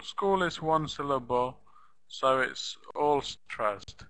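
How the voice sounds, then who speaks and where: A man's voice: mid-range voice, expressive, slow pace, fairly bright tone, rough recording. A man teaching pronunciation in a live online class, patiently repeating example sentences and asking the students questions.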